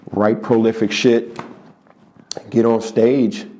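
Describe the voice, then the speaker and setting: A man around forty from the Philadelphia area tells a comic story in an interview, his pitch leaping high whenever he gets excited and dropping low for the punchlines. He stays mid-range in tone, repeats words for emphasis and keeps it lively. He's seated in a studio under hot lights. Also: normal speed. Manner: animated, repeats for emphasis, jumps into high-pitched voices for quoted people. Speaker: stand-up comedian.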